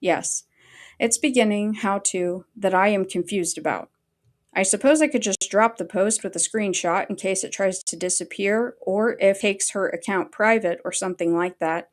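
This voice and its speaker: A woman's voice: mid-range voice, moderate pace. A woman ranting angrily on a livestream, swearing heavily as she talks. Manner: angry, heavily profane. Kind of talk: livestream rant.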